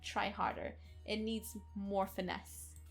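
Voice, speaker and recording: A woman's voice: mid-range voice, steady tone, takes it slowly, gravelly, faint music behind. A woman voicing a snobbish, curt rich young man in a visual novel, speaking with haughty dismissiveness.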